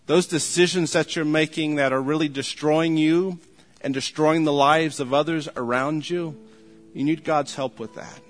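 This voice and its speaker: A man preaching a sermon as pastor, earnest and pleading, slowing down to stress his points. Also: on the high side, fairly even intonation, soft background music. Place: church sanctuary.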